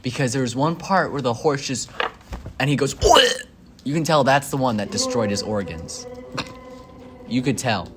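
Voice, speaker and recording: A young man hosting a casual chat, telling stories with animated, incredulous questions. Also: medium pitch, normal speed, pauses often, background noise. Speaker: host.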